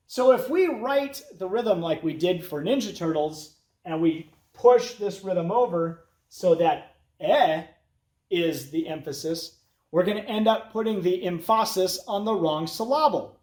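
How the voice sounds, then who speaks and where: A man teaches a children's music lesson and chants names along with a steady beat. His voice sits high and swings widely in pitch. The echo of the room comes through clearly. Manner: lively, chanting names in rhythm over a metronome. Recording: roomy echo.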